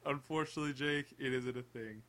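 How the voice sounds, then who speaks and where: A man's voice: mid-range voice, brisk, fairly bright tone. A young man co-hosting a casual chat, cracking goofy, crude jokes. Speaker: podcast co-host.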